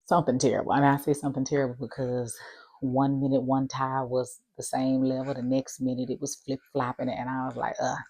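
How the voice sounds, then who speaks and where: A woman with a low, husky voice and a touch of gravel tells a personal story to her viewers. She speaks in a chatty, animated way and mimics the voices of the people in her story. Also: fairly quick, no room sound. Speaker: vlogger. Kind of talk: casual storytelling to camera.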